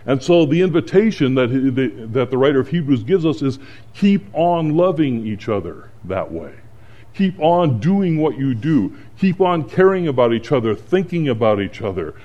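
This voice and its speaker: A man's voice: mid-range voice, normal speed, lo-fi sound. A middle-aged man, a pastor, preaching a sermon and telling stories from his week. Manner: storytelling, animated when acting out panic.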